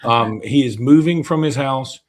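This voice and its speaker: A man's voice: medium pitch, a little slow. A man from Alabama with a Southern American accent, co-hosting a casual sports talk show in a chatty, self-deprecating way. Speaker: co-host.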